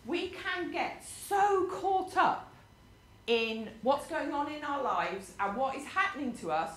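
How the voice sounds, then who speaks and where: Lively woman preaching in a roomy hall. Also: high-pitched, slow. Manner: animated, conversational storytelling with rhetorical questions. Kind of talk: sermon. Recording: roomy hall with faint ambience.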